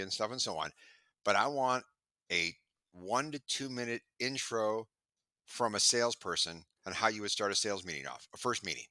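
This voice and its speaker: A middle-aged man on a video call chatting in an interview, telling stories with lively acted-out quotes. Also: lowish voice, moderate pace, no room sound. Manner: animated storyteller, acts out quoted voices. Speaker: sales trainer and podcast guest. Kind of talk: casual interview chat.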